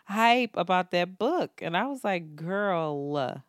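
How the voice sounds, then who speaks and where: A woman's voice: medium pitch, expressive, unhurried, no echo. Woman, podcast co-host, casual banter, teasing, frequent laughter, profanity, dry close sound. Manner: teasing, laughs often, swears freely. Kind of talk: casual chat.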